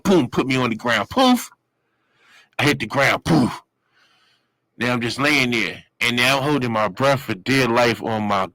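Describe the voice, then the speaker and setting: In this casual storytelling, a man in his forties spins a lengthy street tale in slang, wandering off and looping back. When voicing others he leaps into abrupt high-pitched yells, all captured in a low-quality, close, dry recording without echo.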